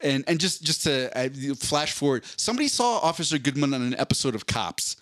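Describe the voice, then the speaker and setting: A man's voice: fairly high pitch, fairly quick, no echo, clean studio sound. A man, co-hosting a casual podcast and telling a story, laughing often and acting out what others said. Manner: animated storyteller, laughs often, acts out quotes. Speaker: podcast co-host.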